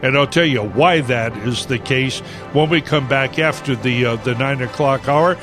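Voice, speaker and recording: A man hosting a political talk radio show, opinionated and halting, with many fillers and restarts. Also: medium pitch.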